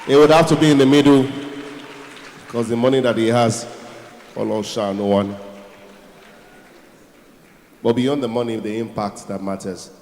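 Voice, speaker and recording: A man's voice: mid-range voice, fairly even intonation, moderate pace, pauses often, darkish tone, slight background noise. A man hosting a live conference event, rallying the audience to applaud guests. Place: large conference hall. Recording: echoey hall, faint crowd ambience.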